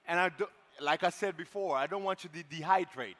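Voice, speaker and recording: A man's voice: a little high, a little fast. A man hosting a live conference stage, joking with the crowd and leading a clapping game. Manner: energetic, playful crowd banter. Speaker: event host. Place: large conference hall. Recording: long hall reverb.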